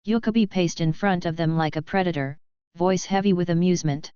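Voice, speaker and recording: A woman narrating fan fiction as a storybook reading, in an even, measured way. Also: fairly low pitch, clear, resonant tone, dry recording. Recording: slightly dull, dry sound.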